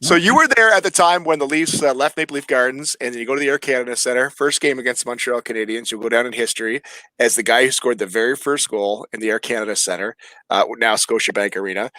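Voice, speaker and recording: A man's voice: mid-range voice, fast, pushed and bright, no echo. A man hosting a casual podcast interview, enthusiastic and admiring of his guest. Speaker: podcast host.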